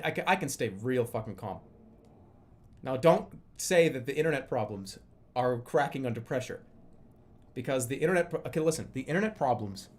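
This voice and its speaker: A man in his thirties streaming live, chatting casually in a rambling, profane, animated way. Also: mid-range voice. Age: 30s.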